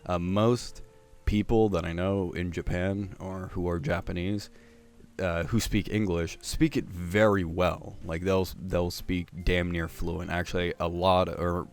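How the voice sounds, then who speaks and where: Gravelly low-voiced man rambling casually. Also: little pitch movement, a little slow. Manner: hesitant, many fillers and restarts. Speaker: anime commentary host.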